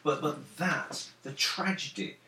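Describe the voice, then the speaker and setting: A man's voice: a little high, big pitch swings, unhurried, pushed and bright, recorded from a distance, a little hiss or hum. A man co-hosting a casual podcast, earnest and rambling. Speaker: podcast co-host. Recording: roomy, away from the mic.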